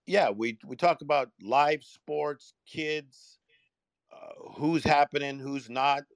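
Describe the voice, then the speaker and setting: A man's voice: on the high side, slow pace, creaky, no echo, clean studio sound. A man chatting in an online audio room, enthusiastic and full of praise for the others.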